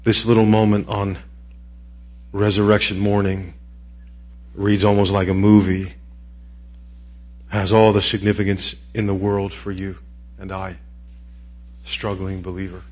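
A middle-aged man preaching a sermon as pastor, moving between quiet, intimate pleading and raised, emphatic declarations. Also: on the low side, completely flat delivery, a little slow, pauses often. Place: church sanctuary.

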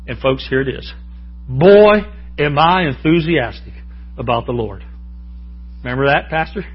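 A man's voice: medium pitch, expressive, measured pace, pauses often, husky, muffled recording. A man preaching a sermon in a folksy, joking way, often calling out to the congregation for an amen. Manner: folksy, joking, asks the crowd for amens.

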